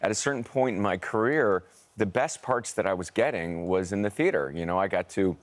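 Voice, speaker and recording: A man's voice: fairly low pitch, expressive, a little fast. A middle-aged American man, an actor, chatting as a guest on a TV show and telling a long story with restarts and acted quotes. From United States. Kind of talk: casual TV interview chat. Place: TV studio.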